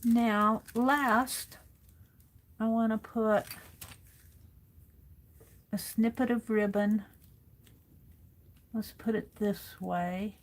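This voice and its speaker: Woman, craft livestream host, unhurried and a touch high, narrates each step to herself. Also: fairly even intonation. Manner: talks herself through each step, reads chat comments aloud. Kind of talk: casual crafting livestream chat.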